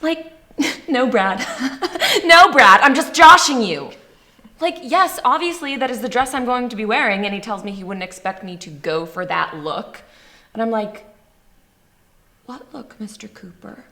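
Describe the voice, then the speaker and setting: A young woman playing a sarcastic, angry high school girl, narrating and acting in a student film. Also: brisk, fairly bright tone, natural voice. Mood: indignant. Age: young adult. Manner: sardonic, bitter.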